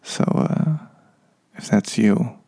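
A man in his thirties hosts a podcast, speaking slowly in a warm voice. His talk to listeners is casual and meandering, laced with fillers and self-deprecating asides.

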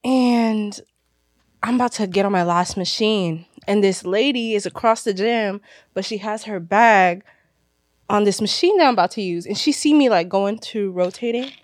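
A woman's voice: mid-range voice, normal speed, no echo. A woman chatting on a casual podcast, telling a story with lots of life and playing out each voice she quotes. Her voice sits in a middle range. The sound is dry and close, with no room behind it.

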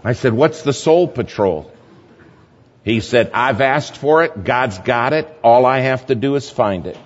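A man's voice: medium pitch, a little slow. Guy preaching a story to a church crowd, long hall echo, kinda muffled recording. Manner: lively anecdotal storytelling, chuckling at his own story. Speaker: speaker at a church gathering. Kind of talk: storytelling sermon. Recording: dull, echoey hall recording.

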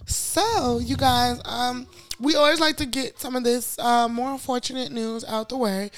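A young woman co-hosts a podcast, speaking emphatically with lots of slang. Her voice is notably high. She keeps the chat loose and casual. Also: steady tone, unhurried. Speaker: podcast co-host.

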